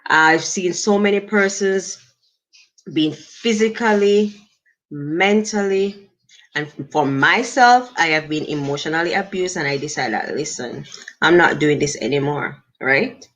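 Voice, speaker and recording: A middle-aged Jamaican woman hosting a casual livestream, speaking in an unhurried, reflective way and thanking her viewers. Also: low voice, a bit bright. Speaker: livestream host. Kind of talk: casual livestream talk to chat.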